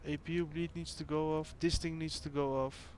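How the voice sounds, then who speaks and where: A Dutch-speaking man streams a flight simulator, chatting casually and thinking aloud as he works through cockpit checks. His voice is a little high, level, and a little mellow, at normal speed, with slight background noise.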